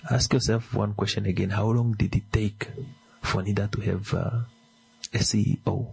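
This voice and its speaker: A man hosting a business segment, asking listeners rhetorical questions with many fillers and a raspy voice. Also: fairly low pitch, flat delivery, normal speed, a little mellow, rough recording. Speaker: business radio host. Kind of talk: commentary to listeners.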